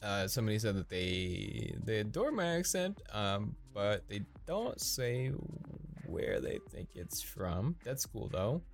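A man from the Midwest with a Midwestern American accent, rambling casually as a podcast host, halting with many restarts and frequent laughs. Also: on the low side, sing-song, faint music behind.

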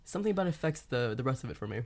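A woman's voice: rumbling low, big pitch swings, very fast, darkish tone. A woman guest in a casual interview, chatting in a self-conscious way with lots of filler words. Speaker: guest, audio content creator.

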